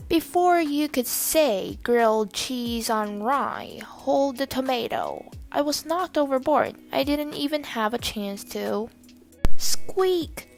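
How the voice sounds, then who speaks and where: A woman reading a children's chapter book aloud in a slow, expressive storytelling manner. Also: a little high, creaky. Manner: slow, expressive storytelling with soft hushed passages. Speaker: reader.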